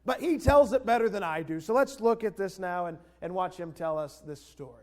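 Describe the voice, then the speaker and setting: A man's voice: sits high, lively intonation, fairly quick, a little mellow. A male pastor preaching a sermon earnestly, leading the congregation in repeating phrases. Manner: earnest, leads the congregation in call-and-response.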